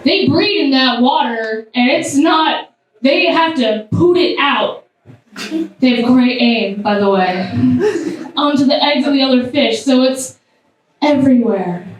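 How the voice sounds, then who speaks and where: A woman performing a stand-up comedy set, animated, with sudden high squeals. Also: unhurried, muffled recording. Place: comedy club stage. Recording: echoey club sound from far off.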